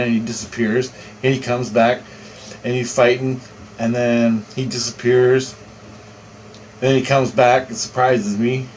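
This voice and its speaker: Man, mid-pitched voice, loose rambling storyteller, swears a lot. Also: a little mellow, slight background noise, poor audio. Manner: rambling, repetitive, profane. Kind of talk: casual first-person storytelling.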